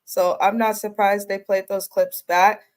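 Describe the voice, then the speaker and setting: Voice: medium pitch, little pitch movement, unhurried. Emphatic, opinionated recap co-host. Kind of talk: casual review chat.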